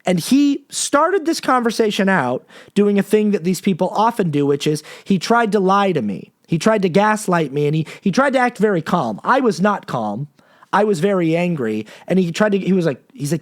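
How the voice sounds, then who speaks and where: A man's voice: high-pitched, animated, moderate pace. A man hosting a podcast, delivering an impassioned, profane monologue with frequent restarts. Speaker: podcast host.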